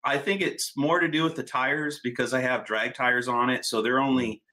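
A man telling car stories in casual, profane, animated chat. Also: mid-range voice, normal speed.

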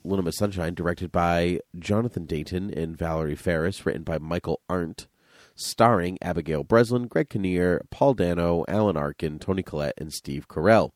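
A man hosting a casual podcast chat, playful and teasing, quick with a joke. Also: low voice, no room sound, clean studio sound. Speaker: podcast host.

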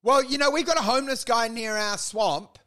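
Male podcast co-host, high voice, fast comedic riffing, plays characters in his bits. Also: a bit bright. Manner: riffing, acts out mock dialogue in silly voices. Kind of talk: casual comedic banter.

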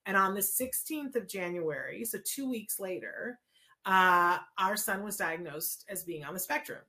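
A middle-aged woman, a guest in an interview, telling a personal story in a lively way, acting out what people said and restarting her sentences. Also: mid-range voice, a little slow. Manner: lively retelling with quoted dialogue and restarts.

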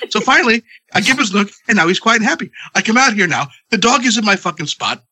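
A man's voice: high voice, expressive, quick pace, noisy background. A congested man in his thirties ranting profanely about his night at home, as a podcast co-host. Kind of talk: casual chat.

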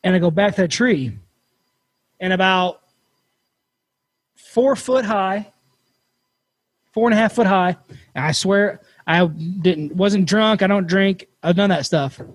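High-voiced man telling a creepy story. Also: slow, long pauses, dry recording. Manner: swears freely, animated storyteller. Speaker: podcast host. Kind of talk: casual storytelling.

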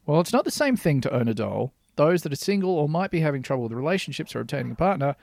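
A man's voice: fairly high pitch, big pitch swings, fast talker, vocal fry, darkish tone, no room sound, clean studio sound. A man co-hosting a podcast, chatting casually, swearing freely and reading news articles aloud. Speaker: podcast co-host.

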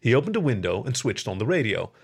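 Gravelly, husky male storyteller. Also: medium pitch. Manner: measured, expressive storytelling. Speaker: storyteller, podcast host. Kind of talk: storybook narration.

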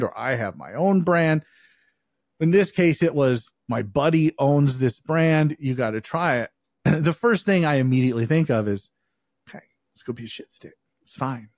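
A man's voice: medium pitch, a little mellow, no echo, clean studio sound. A man co-hosting a podcast, telling stories in a loose, rambling, profane way with lots of fillers. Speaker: podcast co-host. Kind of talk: casual chat.

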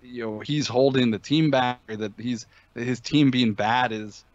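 A man's voice: mid-range voice, fairly even intonation, normal speed, no echo, highs cut off. A man talking sports betting in a casual podcast chat, emphatic and opinionated, with many fillers and restarts.

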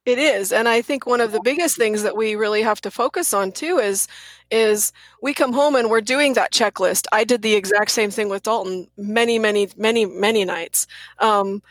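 A woman's voice: mid-range voice, normal speed, dry recording. A middle-aged woman speaking earnestly and emphatically as a guest in a casual interview, repeating words for stress.

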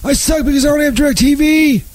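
Man playing a self-pitying shabby saint, halting, very high, dry sound. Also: a little mellow, no echo. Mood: sheepish. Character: shabby adult male Saint Peter with only cable.

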